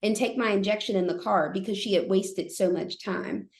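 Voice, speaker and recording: A woman in her thirties, a therapist and guest, telling a story in an animated way, acting out what others said. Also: medium pitch, moderate pace. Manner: animated, acts out quoted voices. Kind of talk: storytelling in a podcast interview. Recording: echoey room.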